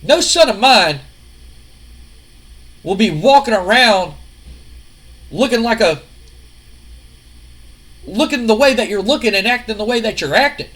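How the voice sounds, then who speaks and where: A man's voice: high voice, lively intonation, measured pace, long pauses, full character voice. A man voicing an older wrestling king who scolds and mocks his son. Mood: mocking. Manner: scolding, mocking, shouting.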